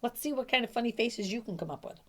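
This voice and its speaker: A woman's voice: a little high, quick pace, a bit bright. A middle-aged woman coaching dementia caregivers in a casual, emphatic teaching talk, often acting out little quoted lines.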